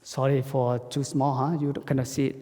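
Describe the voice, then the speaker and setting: Male Buddhist monk; soft, halting dharma talk in a hall with long reverb. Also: mid-range voice, little pitch movement. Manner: halting, simple English with frequent restarts.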